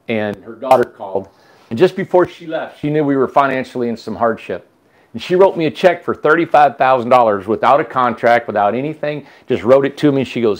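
A man's voice: medium pitch, brisk. Rambling man telling a story. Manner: rambling, with restarts and asides. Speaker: host. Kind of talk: casual storytelling chat.

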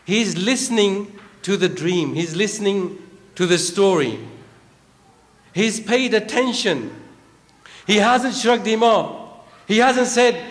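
A man's voice: high voice, animated, takes it slowly, long pauses, fairly bright tone. A man preaching a sermon, chanting verses and then explaining them, repeating phrases for emphasis. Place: large hall at a religious gathering. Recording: long hall reverb.

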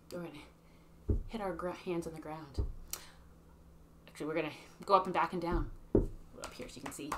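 A woman's voice: low voice, normal speed, long pauses, noisy background. A woman from Canada leading young children through simple songs and rhymes, chatting to them between verses. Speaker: early years program leader. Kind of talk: children's song and rhyme circle. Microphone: webcam or phone.

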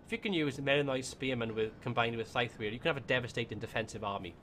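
A man's voice: mid-range voice, rapid-fire, a bit bright, slight background noise. A man with a Welsh accent giving casual gameplay commentary, thinking aloud as he plays. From Wales. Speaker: gaming YouTuber.

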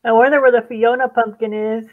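A woman's voice: fairly high pitch, fairly even intonation, phone-quality sound. A woman co-hosting a live stream in casual chat, giggly and easygoing. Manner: giggly and unhurried. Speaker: stream co-host.

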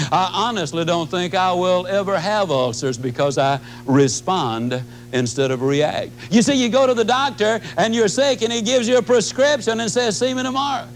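A man in his fifties gives a motivational talk, his voice sitting notably high for a man. He speaks in a folksy, animated way, and a faint hum runs behind him. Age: 50s.

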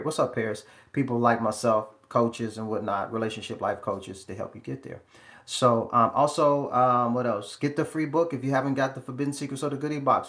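Guy coaching live, emphatic and repeating himself, mid pitch, echoey room. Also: fairly bright tone. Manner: emphatic, repetitive, talks straight to the viewers. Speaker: relationship life coach. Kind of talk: live-streamed advice talk.

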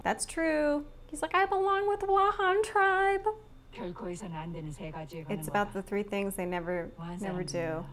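Chatty woman reacting to a drama. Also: on the high side. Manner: chatty, laughs often, talks back to the screen. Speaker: drama reaction channel host. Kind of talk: casual reaction commentary.

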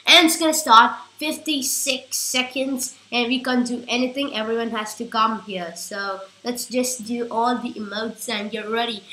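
Bright-voiced woman, chatty gameplay commentary. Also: fairly high pitch, normal speed, few pauses, echoey room, low-quality recording. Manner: chatty, rambling, gets excitable and shouty. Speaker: gaming YouTuber.

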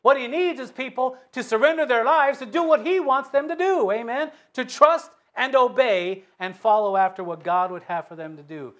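Fervent high-voiced preacher. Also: male voice, normal speed, hardly any pauses. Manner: swings from loud fervent peaks to low hushed asides; reads scripture in King James wording with emphatic repetition. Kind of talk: sermon.

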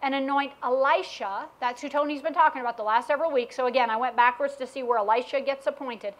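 A woman delivers a church sermon in a high, bright-pitched voice. She reads Bible passages and muses frankly, often admitting uncertainty in a plain, conversational way. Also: fairly even intonation, fast talker. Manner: candid, self-questioning Bible teaching with acted quotes. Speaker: preacher.

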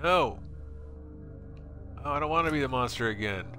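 A man's voice: mid-range voice, animated, moderate pace, bright, forceful tone, soft background music. A man hosting a casual gaming stream from his apartment, rambling, swearing freely, and reading viewer comments aloud. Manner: profane, rambling, reads chat aloud. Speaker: game streamer and host. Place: home apartment.

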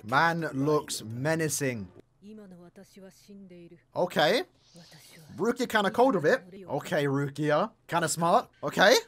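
A young man hosting an anime reaction, casual and slangy, breaking into excited exclamations and shouts. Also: a little high, takes it slowly, pauses often. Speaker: anime reaction channel host.

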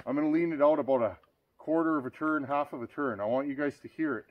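A man's voice: a little high, fast talker, phone-quality sound. Plain-spoken man demonstrating hands-on repair. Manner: plain-spoken, addresses viewers as guys.

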